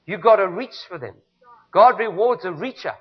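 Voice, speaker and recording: South African male pastor, very high voice, emphatic call-and-response preaching, muffled lo-fi recording. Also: expressive, normal speed, breathy edge. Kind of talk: sermon. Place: church. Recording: dull lo-fi recording.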